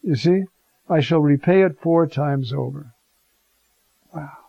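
Man, high voice, warm and mellow, lively homily, dull dry lo-fi recording. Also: slow pace, vocal fry, no echo. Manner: animated, acts out the Gospel scene in voices. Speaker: preacher. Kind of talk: conversational homily.

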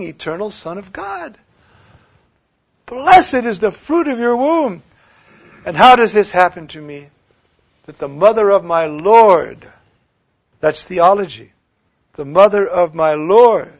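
A man preaching a sermon, swinging from loud declaiming to hushed near-whispers. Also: high-pitched. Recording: dull lo-fi recording.

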